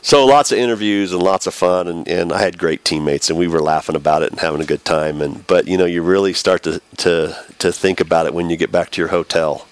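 A man, a former baseball pitcher, telling the story of a game as an interview guest, acting out what people said. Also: brisk, few pauses, dry recording. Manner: animated storyteller, acts out quotes.

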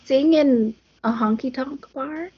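A woman co-hosting a podcast in casual chat, upbeat and quick to laugh along. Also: sits high, breathy edge, dull audio. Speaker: podcast co-host.

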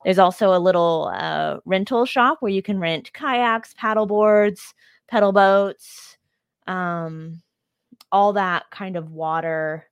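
A woman's voice: mid-range voice, slow pace, smooth, dry recording, dull audio. A woman co-hosting a podcast in easy, rambling chat. She fills her sentences with ums and likes and teases her partner now and then. Her voice sits close and dry on the mic. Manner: chatty, lots of ums and likes, teasing. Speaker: podcast co-host. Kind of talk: casual chat.

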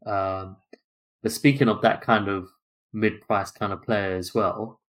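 Low-voiced chatty podcast co-host man. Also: fairly even intonation. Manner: chatty, lists possibilities in quick runs. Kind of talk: casual football chat.

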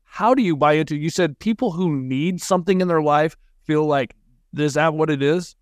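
A man hosting a podcast who asks his guest questions in a halting way, searching for words. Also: fairly high pitch, dry recording, clean studio sound. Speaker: podcast host. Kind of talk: interview questions.

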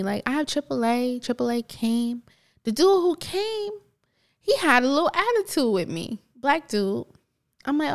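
A woman's voice: on the high side, lively intonation, normal speed. A woman from New Jersey co-hosting a podcast, telling personal stories in a casual, motivational way. She laughs often and acts out the other voices in her stories. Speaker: podcast co-host.

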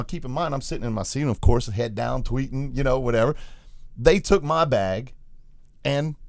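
Gravelly guy hosting a podcast, dry close mic, animated storyteller. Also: fairly high pitch, no room sound. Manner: animated storyteller, acts out quotes. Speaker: podcast host. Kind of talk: casual storytelling chat.

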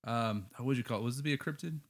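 A man's voice: medium pitch, very fast. A man hosting a casual podcast chat, joking with friends and steering the talk. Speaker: podcast host.

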